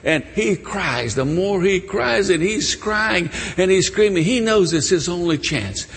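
A male preacher tells a story in a slow, husky voice that swings from high to low. His words ring out with a long reverb, as in a large church sanctuary. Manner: animated, emotional storytelling. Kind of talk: storytelling sermon.

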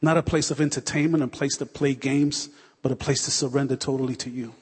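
Fervent husky preacher in a reverberant hall. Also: male voice, mid-range voice, steady tone, a little fast. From United States. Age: 40s. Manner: fervent, repetitive, building to prayer. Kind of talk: sermon. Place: church hall.

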